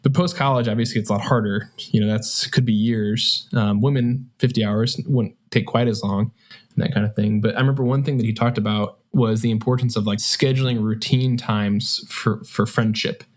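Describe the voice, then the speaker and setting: Man, low voice, reflective, rambling podcast chat. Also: fairly even intonation, moderate pace. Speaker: podcast co-host. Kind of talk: casual book-club chat.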